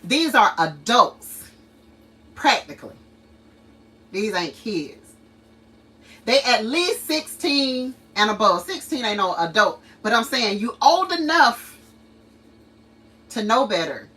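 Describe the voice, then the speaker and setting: The host's fairly high voice moves slowly here, with long pauses, as she tells stories and rants on her casual livestream, laughing frequently and acting out what people said. A distant mic leaves the recording low in quality.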